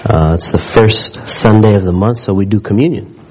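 A man's voice: fairly low pitch, moderate pace, a little mellow, slight background noise, rough recording. A man preaching a sermon in a church, reading scripture aloud and building in fervor as he speaks to the congregation. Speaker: pastor.

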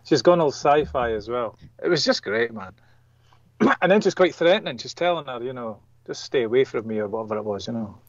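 A man's voice: mid-range voice, big pitch swings, brisk, no echo. Enthusiastic man in a dull, dry recording. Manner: enthusiastic, swearing, acts out quotes. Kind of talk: casual podcast chat.

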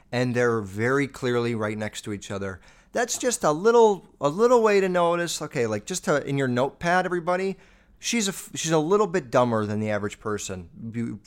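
A man hosting a podcast, ranting casually and bluntly, with heavy swearing and lots of fillers. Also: medium pitch. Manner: profane, blunt, rambling with many fillers. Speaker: podcast host.

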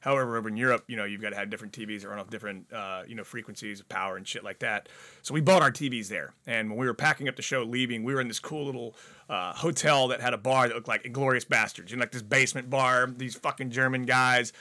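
Dude telling a wild story on the radio, swears a ton, bright edgy voice. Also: male voice, mid-range voice, quick pace. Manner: profane, animated storyteller. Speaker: guest. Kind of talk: casual storytelling. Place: radio studio.

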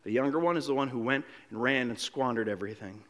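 A pastor preaching a sermon, animated, acting out the quotes he reads and dropping from loud to hushed, often repeating words as he restarts. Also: medium pitch, fast.

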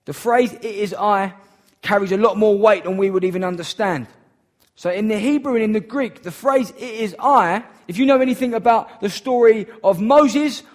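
A man preaching a sermon in an earnest, emphatic way, repeating key phrases for weight. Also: high voice.

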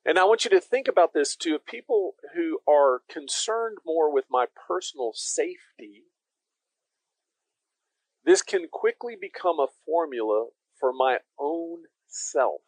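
A man's voice: a little high, expressive, measured pace, a little mellow, dry recording, low-quality recording. A man preaching a conversational sermon as pastor, emphatic and speaking directly to his listeners.

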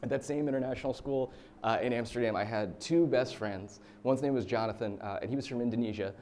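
A man's voice: medium pitch, fast talker, darkish tone, slight background noise. A man in his thirties from the United States giving a casual, story-filled sermon as a pastor, with chatty fillers.

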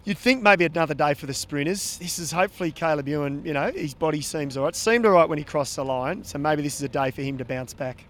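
An Australian man, a former pro rider, co-hosting a cycling podcast in a relaxed, chatty way that often repeats words as he thinks. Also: fairly high pitch, quick pace, few pauses. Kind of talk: casual podcast chat.

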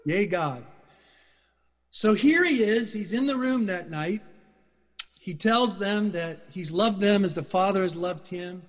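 Brief: middle-aged male preacher, fervent and emphatic, fairly high voice, echoing sanctuary. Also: slow pace. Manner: passionate, loud and emphatic. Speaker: guest speaker. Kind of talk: sermon. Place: church sanctuary. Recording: reverberant church hall.

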